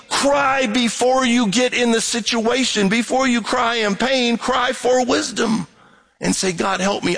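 A man's voice: sits high, rough recording. A male pastor preaching a sermon, reading scripture and acting out little voices and sounds to make his point. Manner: animated, acts out voices and alarm sounds.

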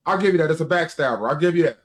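A man co-hosting a casual podcast, excitable and quick to quote rap lyrics. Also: fairly high pitch, a crowd in the background. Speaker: co-host.

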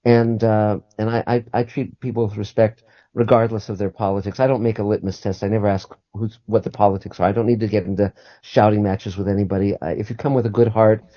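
A man's voice: fairly low pitch, little pitch movement, fast talker, dry recording, muffled recording. A man guest on a call-in radio show, talking earnestly and often repeating and restarting his words.

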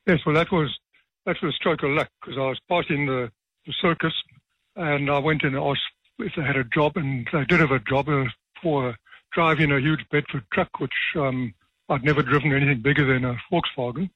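A retired judge, telling stories with dry, self-deprecating humour in a radio interview. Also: male voice, fairly high pitch, a little fast, husky, no room sound, muffled recording. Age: 70s.

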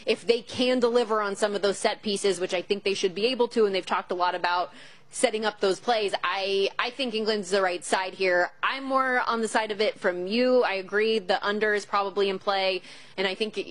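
A woman co-hosts a sports betting show from a studio, her voice sitting at an ordinary middle pitch. She talks playfully and often pokes fun at herself. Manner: playful, laughing, self-mocking. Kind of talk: casual betting show banter. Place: broadcast studio.

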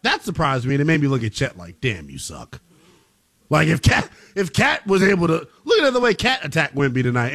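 A man's voice: fairly high pitch, fairly bright tone. A man co-hosting a sports show, giving emphatic opinions in casual debate.

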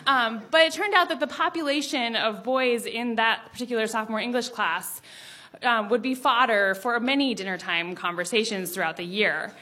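Lively young woman telling a story. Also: fairly high pitch, moderate pace. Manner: animated, laughing, acting out quotes. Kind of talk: personal story told to an audience.

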